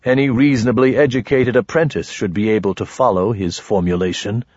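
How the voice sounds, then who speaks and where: A man narrating a fantasy story in a measured, even reading. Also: lowish voice, slightly rough, dry recording. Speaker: audiobook narrator. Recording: dry, dull close-mic audio.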